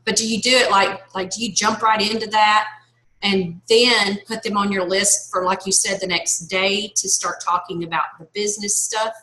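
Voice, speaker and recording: A woman asks a question on a video call, her voice bright. She talks hesitantly, with many fillers between her words. The room around her sounds echoey. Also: medium pitch, fairly even intonation, normal speed. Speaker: team member on a video call.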